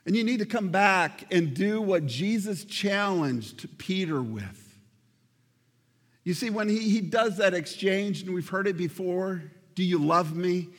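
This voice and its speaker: A man's voice: high-pitched, lively intonation, unhurried, long reverb tail. A man preaching a sermon as pastor, earnest and addressing the congregation directly, repeating words for emphasis. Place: church sanctuary.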